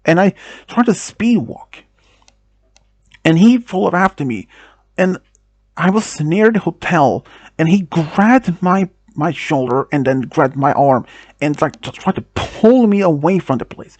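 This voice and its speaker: A man whose first language is Swedish tells a first-person story, halting with restarts and non-native phrasing. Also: a little high, expressive, darkish tone, no room sound.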